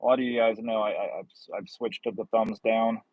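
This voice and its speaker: A man with a lowish voice chats casually on a live stream while he drives his delivery route. He drifts between jokes and rambling asides. The sound is dry and narrow, like a phone line. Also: steady tone, fairly quick, dry recording. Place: in a car while driving.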